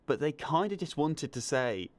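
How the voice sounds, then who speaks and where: A man's voice: on the high side, moderate pace. A young man with a Southern English accent, a film student chatting as an interview guest and telling stories with enthusiasm. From England. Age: young adult. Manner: enthusiastic, animated storyteller. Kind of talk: casual interview chat.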